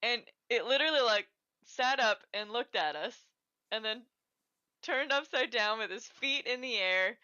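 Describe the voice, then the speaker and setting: Woman co-host, casual rambling chat, crisp voice on dull lo-fi sound. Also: fairly high pitch, lively intonation, moderate pace, pushed and bright. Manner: chatty, rambling, laughs often.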